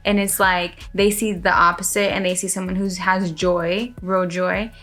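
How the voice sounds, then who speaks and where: A woman's voice: lowish voice, flat delivery, normal speed, a bit bright, faint music behind. A woman chatting casually on a couple's vlog, talkative and laughing often. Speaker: vlogger, wife.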